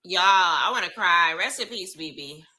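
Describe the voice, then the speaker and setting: A woman's voice: on the low side, lively intonation, normal speed, sharp tone, low-quality recording. A young woman giving live reaction commentary on reality TV, exclaiming and talking to her viewers in casual slang.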